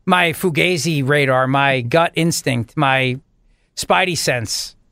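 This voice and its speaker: A man's voice: medium pitch, slow, vocal fry, bright, forceful tone, no echo. A man hosting a talk radio show, joking in a mock-melodramatic, self-deprecating way from a studio.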